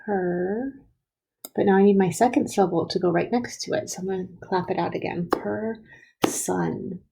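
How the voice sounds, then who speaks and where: A woman teaching first graders a phonics lesson, sounding out letters and syllables slowly and sometimes dropping to a whisper. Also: mid-range voice, mellow, poor audio. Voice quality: gravelly and husky. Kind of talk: slow, careful phonics lesson.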